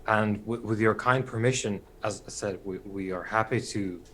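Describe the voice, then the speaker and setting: Low-voiced man playing a tabletop game, halting phrasing, casual manner. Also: a bit bright, slight background noise. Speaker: player.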